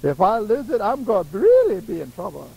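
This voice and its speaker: A man preaching a sermon in a lively way, laughing often and acting out the voices of people he quotes. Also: sits high, fairly quick, vocal fry, slightly rough, highs cut off.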